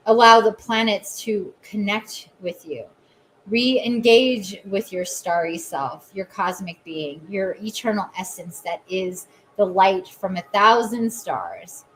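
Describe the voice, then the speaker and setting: A woman's voice: medium pitch, takes it slowly, slight background noise, rough recording. A woman hosting a podcast, giving a channeled oracle reading and guided meditation. She lingers on repeated phrases in an incantatory way, with open emotion and self-mocking asides. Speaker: podcast host and oracle reader.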